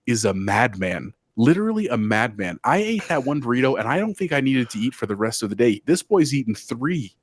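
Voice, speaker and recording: A man's voice: mid-range voice, big pitch swings, a little fast, hardly any pauses, breathy edge, dry recording. A man co-hosting a casual gaming podcast, telling stories in an enthusiastic, rambling way. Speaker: podcast co-host.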